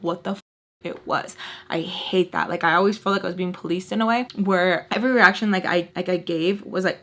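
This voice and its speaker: A woman telling a personal story in a casual vlog, swinging between loud outbursts and muttered asides, with Spanish words mixed in. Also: medium pitch.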